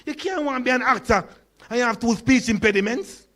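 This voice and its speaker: A Jamaican man in his sixties gives a humorous keynote with a slight stutter and lisp. He tells stories and puts questions to the crowd in a notably high voice. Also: fairly quick, fairly bright tone. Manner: storytelling, engages audience with questions. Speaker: conference speaker.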